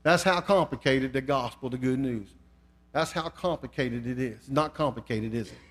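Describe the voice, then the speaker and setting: A man's voice: mid-range voice, moderate pace. An older man preaching a sermon, telling a folksy story and reading scripture with rising fervor. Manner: storytelling, rising to fervent emphasis.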